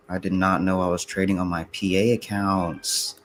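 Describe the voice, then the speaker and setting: A man's voice: low-pitched, moderate pace, gravelly, slight background noise. A young man trading futures live on stream, talking casually to viewers and swearing, frustrated and muttering to himself. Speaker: livestreaming futures trader.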